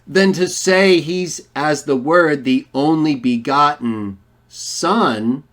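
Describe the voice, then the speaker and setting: An online Bible teacher gives a polemical lesson, arguing forcefully and throwing rhetorical questions at his listeners. His voice is a little high, slow-paced, and somewhat bright.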